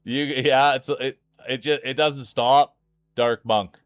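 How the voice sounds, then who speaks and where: A man's voice: medium pitch, fairly even intonation, takes it slowly, clear, resonant tone, dry recording. A man from Saskatchewan with a thick Saskatchewan Canadian accent, giving playful, hype-man commentary on a live-streamed marble race.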